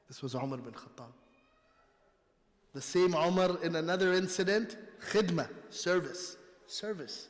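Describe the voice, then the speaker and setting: A man's voice: fairly high pitch, steady tone, normal speed. Urdu-speaking man preaching in a reverberant hall. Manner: storytelling, conversational preaching. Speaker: guest speaker at a mosque. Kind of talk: sermon. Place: mosque hall. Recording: long reverb of a mosque hall.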